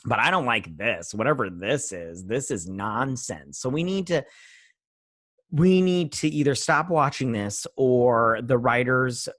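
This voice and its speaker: A man's voice: medium pitch, expressive, a little slow, fairly bright tone, no echo, clean studio sound. A man giving a casual, rambling spoken review of a TV episode, frustrated and full of fillers. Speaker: TV review vlogger.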